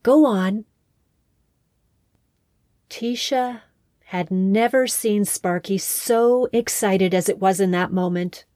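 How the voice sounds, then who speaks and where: A woman host narrating a scripted story in a calm, expressive way on a close mic. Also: medium pitch, slow pace, dry recording.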